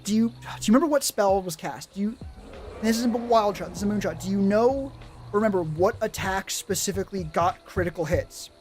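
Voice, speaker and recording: A man's voice: sits high, brisk, soft background music. A man streaming, chatting casually about running tabletop games, swearing often and answering chat. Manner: profane, animated, rambling, reading chat. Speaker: streamer giving tabletop game advice.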